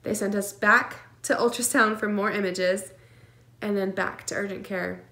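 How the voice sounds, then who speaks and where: A vlogger tells the personal story of her twin pregnancy to camera, her mid-pitched voice steady in tone, pushed and bright, at a moderate pace. Emotional and earnest, she uses plenty of fillers and nervous laughs in an echoey room.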